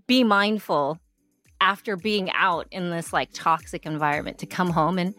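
A woman's voice: fairly low pitch, moderate pace, sharp tone, soft background music. Reflective woman co-host chatting. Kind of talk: casual chat.

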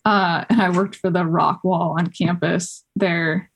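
A young woman from Colorado, a podcast guest telling stories in a chatty way, full of fillers and quick acted-out quotes. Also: fairly low pitch, steady tone, husky. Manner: chatty, many fillers, acts out quoted voices. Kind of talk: casual interview chat.

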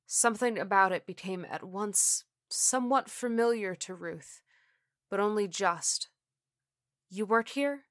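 Slow, bright-voiced woman narrating horror. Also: mid-range voice, no room sound, studio quality. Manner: measured, deliberate reading. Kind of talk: scripted horror story narration.

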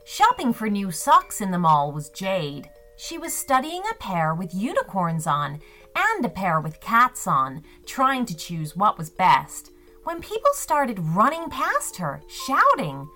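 A woman narrating a children's story in an expressive, sing-song storytelling way. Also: medium pitch, slow pace, faint music behind.

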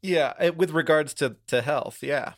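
A man co-hosting a podcast in casual, animated chat, often breaking into laughter. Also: on the high side, a little slow, dry recording, clean studio sound. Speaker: podcast co-host.

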